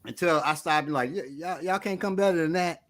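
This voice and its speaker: A middle-aged man with a slightly high, brisk voice co-hosts a podcast of casual chat. He tells funny stories animatedly and laughs a lot.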